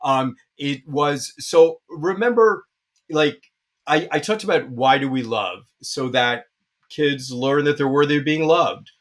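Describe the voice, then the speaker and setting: A man's voice: a little high, unhurried. A man, a pediatrician, giving parenting advice in an interview. He talks emphatically, stopping often for fillers as he searches for words. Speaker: pediatrician guest.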